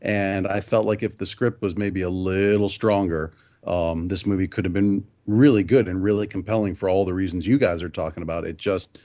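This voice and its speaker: A man's voice: deep voice, steady tone, a little fast, mellow. A man co-hosting a movie podcast, talking casually and hesitantly with many restarts. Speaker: podcast co-host. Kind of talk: casual movie review chat.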